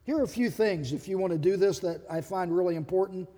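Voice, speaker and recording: A man's voice: sits high, quick pace, dark tone, in a large hall. A man who is a pastor, delivering a sermon in a conversational, humorous way and acting out quotes.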